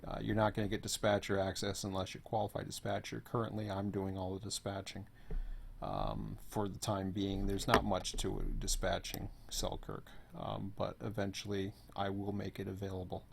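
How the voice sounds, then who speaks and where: A hoarse man who is losing his voice gives a rambling, offhand walkthrough as host of an online server. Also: fairly low pitch, completely flat delivery, normal speed, a little hiss or hum. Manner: rambling, offhand, says "blah, blah, blah". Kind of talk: casual screen walkthrough.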